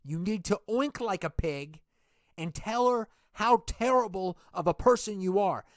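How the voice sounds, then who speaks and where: A man playing a menacing leader of a villainous wrestling group in a game role-play, taunting with slow, drawn-out threats. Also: high voice, animated, no echo, studio quality.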